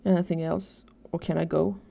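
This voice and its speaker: A woman voicing a sullen, weary teenage boy in a storybook reading, with a flat, indifferent delivery. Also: lowish voice, normal speed, vocal fry. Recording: dull lo-fi recording.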